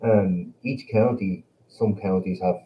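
A man's voice: low voice, steady tone, takes it slowly. A man from Ireland with an Irish accent, a band member talking as a guest in a blunt, profane, confident way. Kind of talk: casual interview chat. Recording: slightly dull, lo-fi sound.

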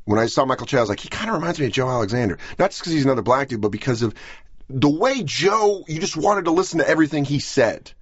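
A young man, a comedian guest, talking in a rambling, self-deprecating, animated way on a podcast. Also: fairly high pitch, fast, slightly rough, no room sound, muffled recording. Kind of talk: casual podcast conversation.

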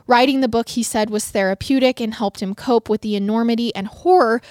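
A woman narrates a true crime case for her podcast, earnest and emotionally invested in the victims. Her voice sits a little high. The sound is dry and close, with no room around it. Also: brisk, darkish tone, dry recording. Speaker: podcast co-host.

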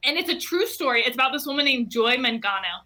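A woman guest telling a personal story in an animated, excitable way, peppering her speech with "like". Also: high voice, quick pace, faint music behind. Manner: excitable, heavy use of "like". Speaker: guest entrepreneur.

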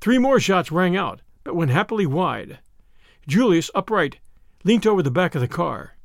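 Expressive, lively male audiobook narrator. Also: sits high, normal speed, creaky, no room sound, clean studio sound. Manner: dramatic, expressive reading.

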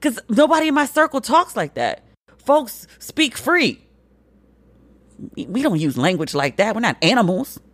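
Woman, podcast host, blunt, profane, swoops high for emphasis, dry close sound. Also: normal speed, no room sound. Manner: animated, swings pitch high for emphasis. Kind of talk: solo comedic commentary.

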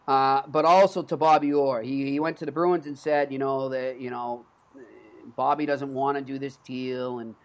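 A Boston-accented man in his thirties talks as a sports podcast host, his voice sitting at an ordinary middle pitch. He tells his stories in an earnest, conversational manner. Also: level tone, moderate pace. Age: 30s.

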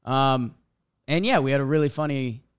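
A man's voice: medium pitch, normal speed, smooth. A young man telling a casual story as a podcast host, acting out little quotes as he goes. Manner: animated storytelling, acts out quotes.

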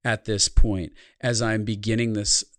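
A man's voice: on the low side, flat delivery, a little slow, fairly bright tone, no room sound, clean studio sound. A man speaking as a guest on a podcast, telling a reflective personal story in an earnest tone. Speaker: podcast guest, life consultant. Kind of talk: podcast interview conversation.

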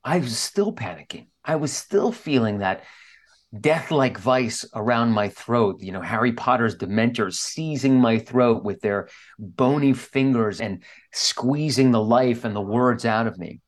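A man's voice: mid-range voice, a little slow. A man speaking as an interview guest, telling a candid personal story in an earnest, openly emotional way. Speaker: guest author.

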